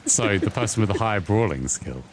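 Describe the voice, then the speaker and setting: Low-voiced, hesitant game player. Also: male voice, lively intonation, a little fast, background noise. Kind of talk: casual game chat.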